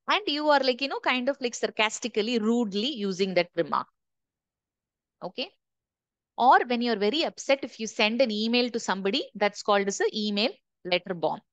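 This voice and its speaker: A woman's voice: on the high side, dry recording. Middle-aged woman leading a workshop. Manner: conversational, asks the group questions. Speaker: corporate trainer. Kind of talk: workshop talk to a live group.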